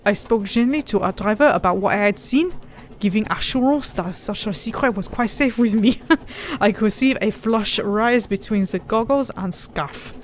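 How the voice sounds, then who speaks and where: With a medium-pitched voice at normal speed and slight background noise, a woman chats casually through a let's play. She frequently giggles while reading the game text with playful emphasis.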